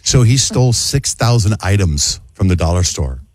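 Husky, dry-sounding radio host. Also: male voice, low voice, lively intonation, a little mellow, no room sound. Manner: brisk, joking. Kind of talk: call-in radio show.

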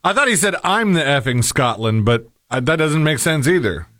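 A man's voice: a little high, animated, moderate pace, fairly bright tone, no room sound, studio quality. A man co-hosting a show, chatting casually and adding wry remarks. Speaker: co-host. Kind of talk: casual chat.

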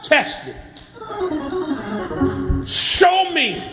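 A middle-aged male pastor delivering an impassioned sermon, swinging from quiet storytelling to shouted calls for the congregation to respond. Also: very high voice, very animated, very slow, over music.

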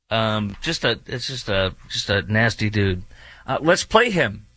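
A male host delivers pointed political commentary with a sarcastic, mocking edge. His voice is bright and forceful. The sound is close and dry, with no room around it. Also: on the low side, sing-song, a little slow, dry recording. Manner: sarcastic, mocking, rambling asides. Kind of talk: opinionated talk radio commentary.

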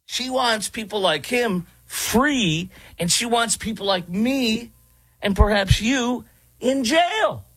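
A man's voice: very high voice, animated, slow, fairly bright tone, slightly rough, dry recording. A man giving sarcastic political commentary on clips, mocking the people he shows. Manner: mocking, mimics others in exaggerated voices.

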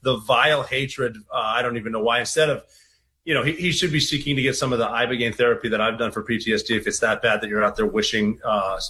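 A man speaking as a veteran guest in an interview clip, earnest and halting. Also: mid-range voice, steady tone, sharp tone.

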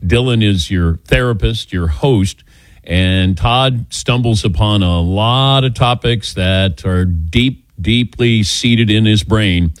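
A man hosts a sports talk radio show in a lower voice that moves around a lot. His delivery is dry and wry. The sound is close and dead, with no room echo.

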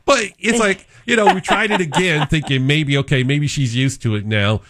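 A man in his fifties filling in as a radio talk show host, chatting with callers and telling family stories, jumping up in pitch to act out voices. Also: moderate pace, no echo. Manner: animated storyteller, acts out voices with pitch jumps. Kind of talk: casual radio chat and storytelling. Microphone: studio microphone.

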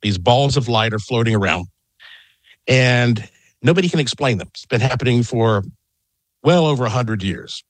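A middle-aged man, a guest on a call-in radio interview, telling an excited, rambling story from his home. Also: medium pitch, moderate pace, pauses often, no room sound. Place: home in Las Vegas.

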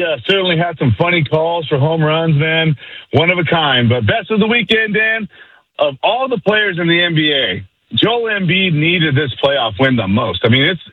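A man's voice: on the high side, breathy edge, no room sound. Hyped male caller on a phone line. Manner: hyped, slangy, rattles off names. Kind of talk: phone-in call.

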